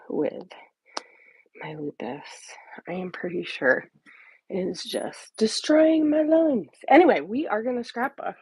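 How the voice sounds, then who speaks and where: Breathy, slow-talking woman muttering asides. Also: mid-range voice, very animated, darkish tone, no echo, rough recording. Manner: rambling, muttering half-whispered asides to herself. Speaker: crafting livestream host. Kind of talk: casual live-stream chat. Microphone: phone or tablet.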